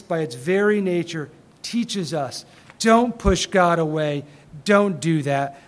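High-voiced emphatic male preacher. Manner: emphatic preaching with rising bursts and dramatic pauses. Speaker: pastor. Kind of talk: sermon.

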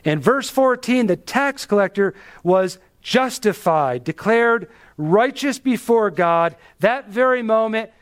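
Emphatic high-pitched male preacher. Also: animated, slow pace. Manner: emphatic, with rhetorical questions and dramatic drops in pitch. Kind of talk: expository sermon.

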